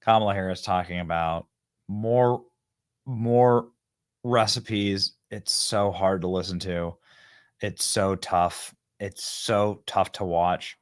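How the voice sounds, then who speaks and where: A man's voice: deep voice, fairly even intonation, slow pace, clean tone. A man hosting a political commentary show, reacting to clips in a mocking, sarcastic way and laughing often. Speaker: host.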